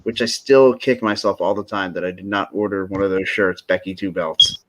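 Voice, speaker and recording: A man's voice: low voice, fairly even intonation, a little fast, background noise. A man co-hosting a podcast, talking casually and jokingly, with lots of restarts and asides. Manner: rambling, jokey, lots of restarts. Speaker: podcast co-host. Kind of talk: casual wrestling chat.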